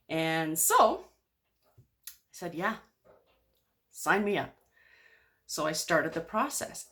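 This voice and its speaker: A woman's voice: low voice, fairly bright tone. A woman speaking candidly in a personal video diary, open and rambling with lots of fillers. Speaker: vlogger.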